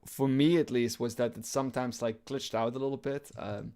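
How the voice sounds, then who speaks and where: A man's voice: medium pitch, normal speed. Man rambling casually about a game. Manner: relaxed, rambling, many fillers. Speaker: podcast co-host. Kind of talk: casual chat, game review.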